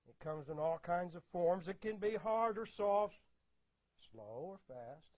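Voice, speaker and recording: A man's voice: sits high, animated, unhurried, darkish tone, lo-fi sound. A man giving an explanatory talk about rhythm. He repeats key words emphatically and counts out beats aloud. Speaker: music teacher giving a talk.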